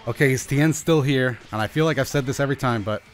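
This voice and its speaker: A young gaming channel host gives fast live commentary over his own fighting-game match, anxious and pleading with himself as his pitch jumps up and down. Faint music plays behind him.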